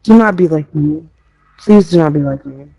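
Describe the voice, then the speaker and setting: A woman's voice: low voice, normal speed, warm tone, rough recording. A young woman, rambling emotionally on a live stream, swearing and laughing nervously, close to tears. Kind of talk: casual live stream chat.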